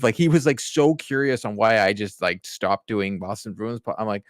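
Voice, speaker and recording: A man's voice: medium pitch, normal speed, few pauses, no echo, studio quality. A middle-aged man co-hosting a podcast, telling a rambling story and acting out the voices in it. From Canada. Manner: rambling storyteller who acts out the voices in his anecdotes. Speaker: podcast co-host. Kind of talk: casual chat.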